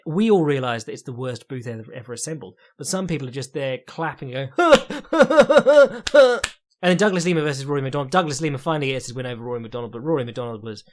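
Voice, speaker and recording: A young man hosting a podcast alone, giving casual fight commentary in a sardonic, profane manner with quick asides. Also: medium pitch. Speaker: podcast host and fight analyst.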